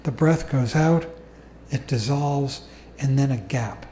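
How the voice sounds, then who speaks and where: A man giving a calm, unhurried dharma talk as a meditation teacher to a group. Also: medium pitch. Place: meditation hall. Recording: echoey room recording.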